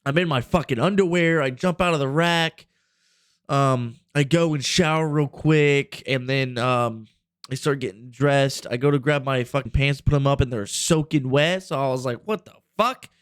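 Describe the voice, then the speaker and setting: A man's voice: mid-range voice, moderate pace, clear, resonant tone, no echo, clean studio sound. A man in his twenties telling a rambling, profane story on a casual podcast. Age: 20s. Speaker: podcast host.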